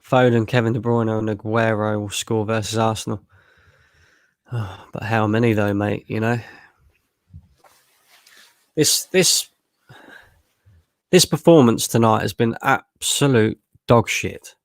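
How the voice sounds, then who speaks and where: A man's voice: on the low side, steady tone, moderate pace, no room sound. Man, tired live watchalong streamer, blunt and sweary, dry close sound. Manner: frustrated, blunt, swears freely. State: tired after a long work shift. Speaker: fan channel streamer. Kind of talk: live match watchalong commentary.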